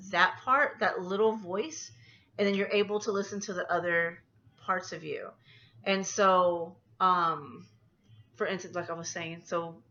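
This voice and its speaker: A woman's voice: fairly low pitch, bright, forceful tone, highs cut off. A woman anxiety coach talking casually to camera in a personal vlog, rambling as she talks herself through her feelings.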